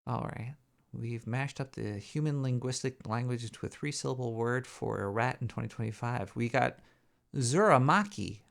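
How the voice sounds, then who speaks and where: A man hosting a live show, rambling and joking as he thinks out loud. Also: medium pitch, moderate pace, creaky. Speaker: show host. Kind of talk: casual live show banter.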